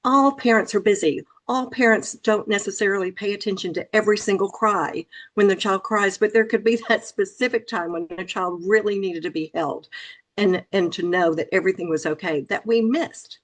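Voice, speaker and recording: A middle-aged woman from Memphis, Tennessee, talking as an author guest in an interview. She speaks earnestly and emphatically, with a voice of middling pitch, and repeats phrases for stress. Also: normal speed. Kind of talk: interview conversation.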